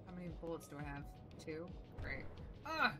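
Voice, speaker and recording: A young adult woman chatting casually with viewers while playing a video game, animated and quick to exclaim. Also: deep voice, music in the background. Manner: animated, shrieks when excited, drops soft when focused. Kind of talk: casual let's-play commentary chatting with chat.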